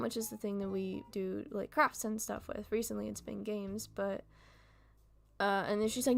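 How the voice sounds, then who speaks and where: A woman's voice: medium pitch, normal speed, creaky, no echo, soft background music. A young woman chatting casually and candidly with her viewers, venting and swearing, and sometimes stumbling over words because of a speech impediment. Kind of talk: casual chat.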